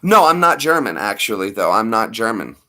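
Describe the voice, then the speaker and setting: A man's voice: on the low side, sing-song, fairly quick, pushed and bright. A man in his thirties hosting a casual livestream, rambling playfully and talking to viewers by name. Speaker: livestream host.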